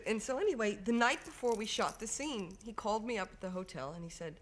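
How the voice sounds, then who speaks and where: Young american actress on a tv chat show, giggly, tells stories all animated. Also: female voice, mid-range voice, fast talker. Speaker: film actress guest. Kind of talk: studio chat show interview. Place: television studio.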